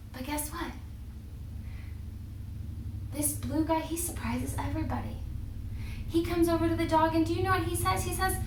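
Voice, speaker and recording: Woman children's minister, expressive storyteller, high voice, echoey room. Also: moderate pace, pauses often, a little hiss or hum. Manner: animated and expressive, addressing children. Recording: echoey room, far from the mic.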